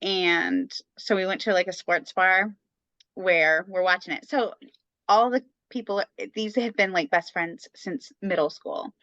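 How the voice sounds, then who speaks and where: A woman's voice: on the low side, a bit bright, no room sound, highs cut off. A woman in her thirties co-hosting a podcast about motherhood, chatting casually and rambling with lots of fillers. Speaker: podcast co-host. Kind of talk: casual chat.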